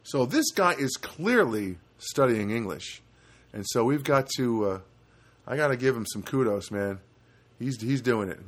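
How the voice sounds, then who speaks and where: A middle-aged man chats in a loose, meandering monologue. His voice sits at a middle pitch. He keeps correcting himself and drops in dry, self-mocking asides. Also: a bit bright. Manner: rambling, with many fillers and self-corrections. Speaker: vlogger. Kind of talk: rambling personal monologue.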